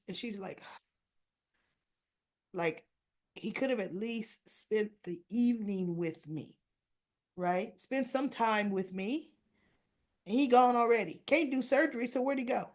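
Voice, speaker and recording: Slow-talking woman recapping a soap. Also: fairly high pitch, expressive. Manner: chatty, clears throat often, slangy asides. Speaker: soap opera reviewer. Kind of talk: casual recap of a TV episode.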